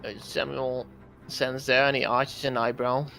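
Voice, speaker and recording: A man narrating as dungeon master in a casual streamed game, with sudden loud bursts. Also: medium pitch, flat delivery, measured pace, gravelly, faint music behind.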